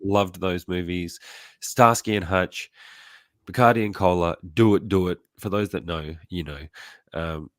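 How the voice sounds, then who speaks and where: A man's voice: deep voice, a little slow, no echo, studio quality. A man hosting a casual live chat about comedy, sounding congested from a sinus illness, laid-back and laughing often. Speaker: host.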